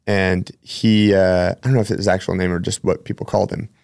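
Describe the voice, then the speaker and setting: A man's voice: sits low, little pitch movement, brisk, gravelly, darkish tone, dry recording, studio quality. A man hosting a podcast, a personal trainer telling rambling, chatty stories with many self-corrections. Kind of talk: casual storytelling.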